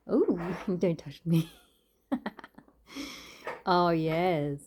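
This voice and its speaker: A woman's voice: fairly low pitch, drawn-out words, darkish tone. An Australian woman in her home kitchen, filming her cats on a phone and chatting to them in giggly, sing-song baby talk with swearing asides. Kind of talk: casual chat and baby talk to pets.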